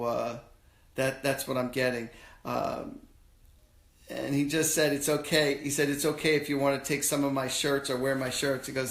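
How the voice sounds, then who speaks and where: A man hosting a live stream as a psychic medium, talking casually and haltingly while he passes on messages in slangy quoted phrases. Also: mid-range voice, creaky, fairly bright tone, roomy sound. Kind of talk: live-stream readings for callers.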